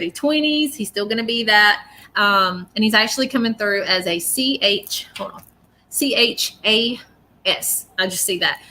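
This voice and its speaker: A woman delivers a live-stream psychic reading in a bright, sharp-edged voice. Her talk is chatty and rambling, and she keeps checking in with her viewers as she goes. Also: mid-range voice, animated, moderate pace. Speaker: psychic medium.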